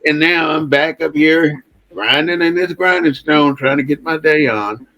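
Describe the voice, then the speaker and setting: A man's voice: a little high, unhurried, sharp tone, no room sound, dull audio, pitched above the performer's own voice. A man voicing a cheerful male office worker, chatting breezily about his beach weekend in raised, upbeat tones. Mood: chipper. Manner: breezy, upbeat small talk.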